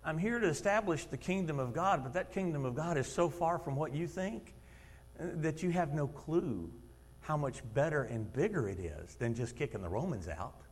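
A man voicing Jesus as a patient teacher, speaking slowly and softly to his followers, in a reverberant hall. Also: a little high, expressive, husky. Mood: gently correcting. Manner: slow, soft, patient. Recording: long reverb of a large hall.

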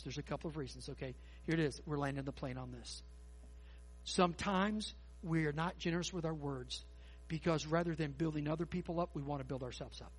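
Male pastor, high husky tenor, folksy animated sermon delivery. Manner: folksy, animated preaching with quick asides. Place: church sanctuary.

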